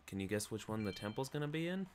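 A man's voice: lowish voice, very animated, fast, a little mellow, slight background noise. A man playing a video game, casually explaining what he does and defending his choices, humming to himself. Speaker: let's play player. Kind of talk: casual gameplay banter.

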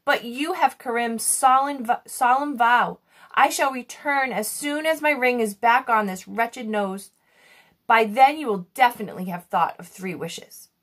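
A woman's voice: fairly high pitch, measured pace, a bit bright. A woman voicing a formal, solemn male genie who talks in old-fashioned phrases, in a read-aloud children's story.

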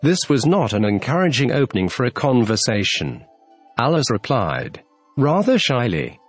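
Guy reading a storybook aloud, lively ups and downs, bit of soft music behind. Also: mid-range voice, moderate pace, slightly rough. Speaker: audiobook narrator. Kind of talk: storybook narration.

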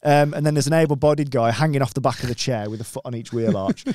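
A man telling a sweary, animated story in a casual podcast chat. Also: medium pitch, quick pace, no room sound, clean studio sound.

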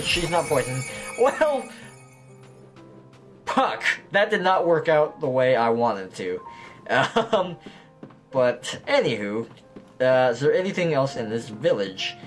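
Fairly high and fairly bright, this voice belongs to a gameplay commentator with a slight lisp. His casual let's-play talk rambles along, full of self-deprecation as he plays.

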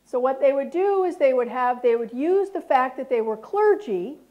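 Slow-speaking woman addressing an audience. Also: high voice, lively intonation, highs cut off. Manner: speaks slowly and deliberately, chatty and direct with the audience. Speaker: guest speaker, former prosecutor. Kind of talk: public talk to an audience. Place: lecture room with an audience, filmed.

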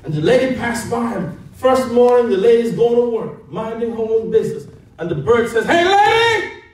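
A man preaching a sermon, telling a funny story in an animated, playful way. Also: very high voice, moderate pace, slight background noise. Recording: echoey hall heard from a distance.

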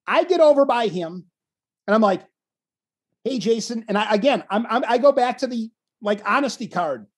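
Very high-pitched and husky, this man talks at a normal speed. He's a wrestling commentator recounting a story in a relaxed interview, lively and self-mocking, often starting his phrases over.

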